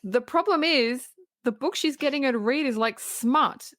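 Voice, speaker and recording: Animated woman co-hosting a film podcast. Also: sits high, moderate pace, dry recording, studio quality. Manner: animated retelling with laughter. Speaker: podcast co-host. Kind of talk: casual movie review chat.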